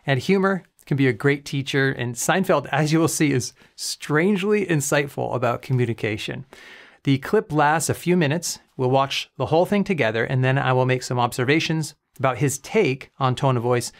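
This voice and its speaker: Calm man explaining like a teacher. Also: mid-range voice, moderate pace, creaky. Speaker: communication coach and professor. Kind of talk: educational reaction commentary.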